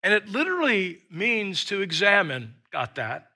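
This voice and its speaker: High-voiced older man preaching. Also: big pitch swings, measured pace. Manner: dynamic preaching, shouting quoted lines then dropping to a hush; storytelling with humor. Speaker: pastor. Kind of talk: sermon.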